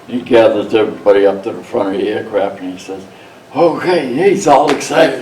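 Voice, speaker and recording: A man's voice: medium pitch, fairly quick, a little mellow, a little hiss or hum. A man in his seventies, a veteran telling his story in an oral history interview, blunt and profane in his words. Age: 70s. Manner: blunt and profane, retells scenes by quoting himself. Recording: roomy sound, mic set at a distance, faint background ambience.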